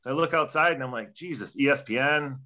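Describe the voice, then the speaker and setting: A man's voice: medium pitch, fast talker, bright, forceful tone, muffled recording. A young man, a former hockey player, telling a story in a casual interview, profane and rambling, acting out quoted dialogue.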